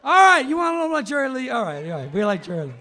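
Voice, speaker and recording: A man's voice: extremely high pitch, huge pitch swings, rapid-fire, sharp tone, a faint crowd. A man doing stand-up comedy on a live stage at the piano, telling a rambling, mock-dramatic story and slipping into voices. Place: live stage before an audience. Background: piano playing.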